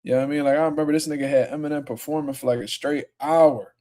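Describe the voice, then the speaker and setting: Young male stream host, slightly high voice, dark mellow tone, loose and profane, reads comments. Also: steady tone, fast. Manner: profane, laid-back, heated when arguing with commenters. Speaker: livestream host. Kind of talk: casual livestream chat reading comments.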